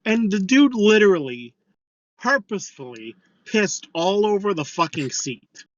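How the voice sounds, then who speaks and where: A man's voice: high-pitched, very animated, unhurried, highs cut off, slight background noise. A man co-hosting a podcast, telling a crude work story in casual chat, swearing freely. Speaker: podcast co-host.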